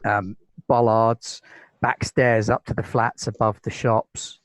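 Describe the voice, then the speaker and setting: Dry-voiced British game master. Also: male voice, fairly low pitch, little pitch movement, slow pace, dry recording, low-quality recording. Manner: easygoing, descriptive, with many fillers. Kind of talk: narrating a tabletop game.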